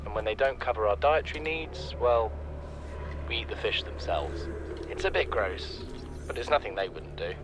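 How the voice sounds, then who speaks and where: An actor playing a young male scientist keeping an audio diary in a game, calm and reflective. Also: on the low side, normal speed, noisy background, close to an everyday voice. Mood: curious. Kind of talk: recorded in-game voice log. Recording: game audio with music underneath.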